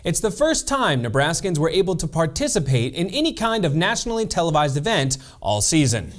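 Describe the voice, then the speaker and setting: Dry comedy news anchor guy, exasperated, slightly high voice that moves around a lot. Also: very animated, brisk. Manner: dry, exasperated straight man. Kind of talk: satirical news sketch.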